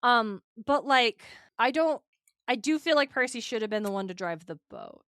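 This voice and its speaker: Animated woman chatting, high and dry. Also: moderate pace, no echo. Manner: animated, acts out quotes, frequent restarts. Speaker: podcast host. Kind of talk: casual chat.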